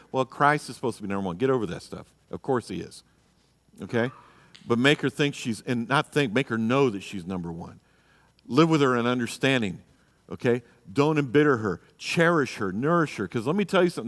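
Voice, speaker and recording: A man's voice: mid-range voice, expressive, brisk, in a large hall. A man teaching a church marriage class, blunt and exhorting, often checking in with "you know" and "okay?". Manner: acts out quoted people in a raised voice.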